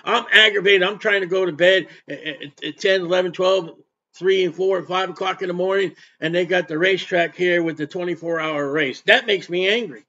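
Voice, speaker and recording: A man preaching a sermon, quoting scripture with emphatic outbursts and quieter asides. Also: sits high, fairly quick. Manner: emphatic, repetitive, switches between loud outbursts and quiet asides. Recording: dull lo-fi recording.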